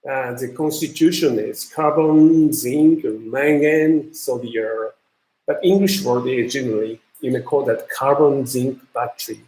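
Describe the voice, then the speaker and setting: Japanese-accented guy lecturing in english, slow and halting, lots of uh and um, echoey room. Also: medium pitch, dark tone. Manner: halting, many fillers and restarts. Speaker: university lecturer. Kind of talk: recorded lecture.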